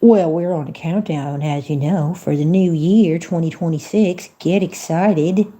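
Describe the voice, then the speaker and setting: A woman's voice: fairly low pitch, measured pace, warm tone. A woman livestreaming from home in a folksy, chatty manner, talking to her viewers and to a phone voice assistant. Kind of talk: casual livestream chat.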